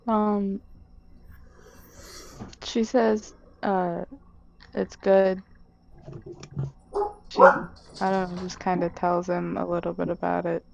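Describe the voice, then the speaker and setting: Slow, gravelly-voiced woman player. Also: fairly low pitch, flat delivery, muffled recording, a little hiss or hum. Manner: hesitant, unsure. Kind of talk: casual tabletop play.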